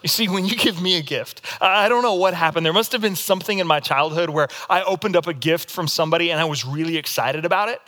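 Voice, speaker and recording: Male pastor preaching, bright slightly high voice, animated demonstrative storyteller. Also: fast, hardly any pauses. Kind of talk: sermon.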